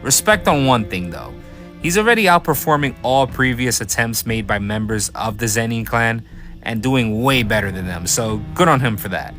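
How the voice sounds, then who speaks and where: A man's voice: medium pitch, animated, normal speed, fairly bright tone, faint music behind. A man narrating an anime story recap as commentary, swearing freely and tossing hyped, sarcastic asides to his viewers.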